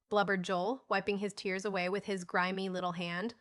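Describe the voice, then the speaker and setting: A woman narrating an audiobook of a classic story in an expressive, lively reading. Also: medium pitch, moderate pace, few pauses. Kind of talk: scripted narration.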